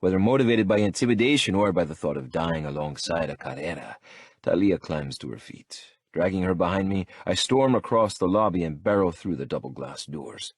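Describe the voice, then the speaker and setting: A man narrating an audiobook in first person, brooding and measured. His voice sits very low with a husky grain. The recording is dry and close. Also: lively intonation, dry recording.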